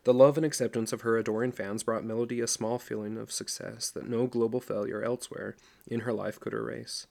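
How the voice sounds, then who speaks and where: Middle-aged guy reading a story aloud, gravelly, pretty monotone. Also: medium pitch, a little fast. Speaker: audiobook narrator. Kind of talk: scripted narration.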